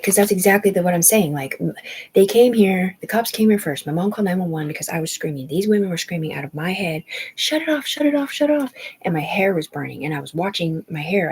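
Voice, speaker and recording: On a livestream, a woman in her forties tells a long personal story, rambling and agitated, swearing frequently and restarting her sentences. Her voice is low-pitched and darkish, and the low-quality recording carries slight background noise.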